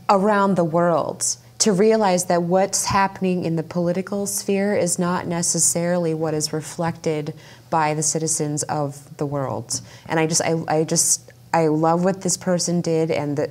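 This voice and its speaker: A woman with a very low voice speaks with deep feeling. She stops and restarts often and sounds close to tears. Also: darkish tone. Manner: heartfelt, choked-up, halting speech. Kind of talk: emotional casual comment.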